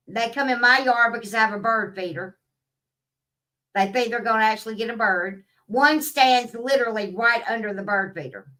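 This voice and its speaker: A woman rants to camera in a bright, fairly high voice, blunt and full of swearing. She rambles loosely from thought to thought, and her voice sits a little back from the mic. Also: far from the mic. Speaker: vlogger. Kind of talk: casual rant to camera.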